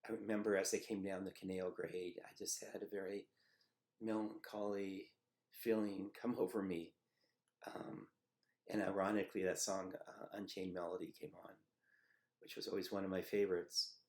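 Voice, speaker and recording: A middle-aged man telling a personal memory in a halting, reflective way, with many pauses and fillers. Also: low-pitched, level tone, darkish tone. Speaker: storyteller recounting a personal memory. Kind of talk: personal testimony.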